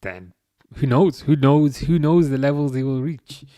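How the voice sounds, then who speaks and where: A man in his thirties hosting a live football watchalong, chatting casually and reading out comments, with a halting, restarting way of talking. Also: mid-range voice, fairly even intonation, dark tone, dry recording, clean studio sound. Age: 30s. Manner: halting, many restarts, chuckles often.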